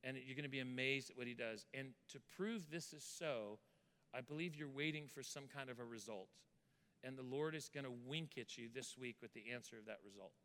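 A man's voice: medium pitch, brisk, fairly bright tone, smooth. A man preaching as pastor, telling a church member's story in an earnest way and then praying over the congregation. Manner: earnest storytelling, repeats words when moved. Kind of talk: sermon with testimony and prayer. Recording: reverberant hall sound.

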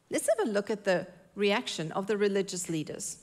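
A woman preaching from the pulpit at a middle pitch, earnest and emphatic. She leans on her key phrases and repeats them to drive each point home. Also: sing-song, normal speed. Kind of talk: sermon. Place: church.

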